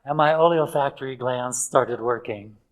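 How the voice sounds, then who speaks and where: A man's voice: medium pitch, unhurried, poor audio. An older man preaching in a chatty storytelling way, with fillers and frequent chuckles. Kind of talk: anecdotal sermon.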